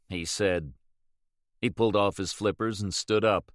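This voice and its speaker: A male audiobook narrator with a fairly low voice reads in a steady, measured way. The recording is dry and close, with no room sound. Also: no echo. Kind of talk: scripted narration.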